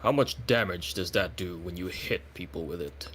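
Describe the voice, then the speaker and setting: A man's voice: low voice, normal speed, a bit bright, husky. A man voicing a scarred, boastful adventurer. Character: scarred undead-looking male adventurer, boastful of strength.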